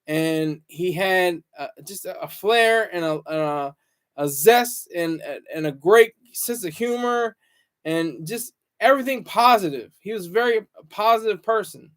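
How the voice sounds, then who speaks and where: A man with a notably high voice for his sex holds a solo talk-show monologue. He talks in a halting, wandering way, often restarting words and leaning on fillers, with an earnest, reflective tone. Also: lively intonation, a bit bright. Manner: halting and rambling, repeats words, many fillers. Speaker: show host.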